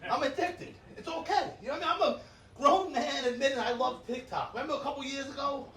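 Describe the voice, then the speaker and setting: A man's voice: very high voice, fast, sharp tone, slight background noise. A man, doing a brash, crude stand-up set on a club stage and laughing at his own jokes. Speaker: stand-up comedian. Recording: echoey club sound from a distance.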